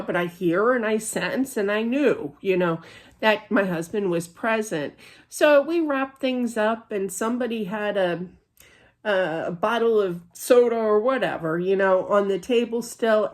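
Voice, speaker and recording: A middle-aged woman giving a casual spiritual reading, chatty and rambling, full of fillers and restarts. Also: mid-range voice. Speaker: psychic reader.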